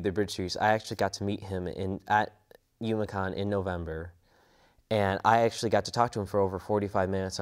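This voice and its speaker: A young male voice actor talks casually in an interview, earnest and a bit rambling. His voice sits slightly low for a man. He restarts his thoughts as he goes. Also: clear, resonant tone. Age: young adult. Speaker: voice actor and student.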